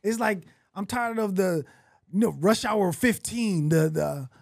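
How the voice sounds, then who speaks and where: A male podcast host with a notably high voice, heard close and dry with no room sound. He talks in a playful, protesting way while trying to keep the show moving. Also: a little slow, gravelly, no echo. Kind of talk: casual podcast chat.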